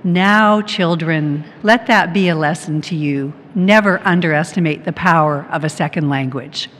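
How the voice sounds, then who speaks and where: A woman's voice: sits low, normal speed, fairly bright tone, voice pushed down. A prim mother mouse, as a woman tells a joke. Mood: lecturing. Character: bold mother mouse lecturing her young. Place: large conference hall. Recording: long hall reverb, faint background noise.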